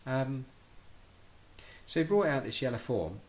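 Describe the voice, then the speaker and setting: In a mid-range voice, a middle-aged man narrates a personal story at a slightly slow pace. He animatedly performs both sides of the dialogue, with plenty of restarts along the way.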